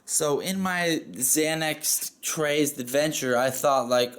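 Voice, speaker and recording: A man's voice: fairly high pitch, slow, a bit bright. A man telling a story casually, rambling and profane, with lots of "like" fillers.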